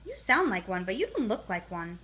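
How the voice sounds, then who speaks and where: A woman's voice: medium pitch, big pitch swings, brisk, pushed and bright. A woman doing a curious young wolf cub. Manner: curious, questioning.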